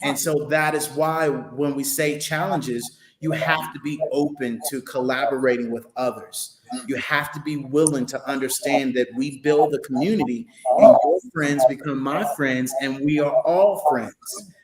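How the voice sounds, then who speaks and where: A man's voice: mid-range voice, fairly even intonation, unhurried, roomy sound, background noise. A man, a guest entrepreneur, talking in a motivational way and repeating phrases for emphasis. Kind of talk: motivational interview talk.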